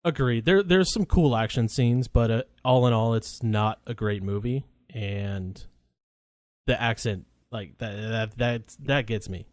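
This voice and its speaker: Rambling, profane co-host, dry sound. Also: male voice, medium pitch, unhurried, darkish tone, no room sound. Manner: rambling, profane, many restarts. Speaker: podcast co-host. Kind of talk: casual movie chat.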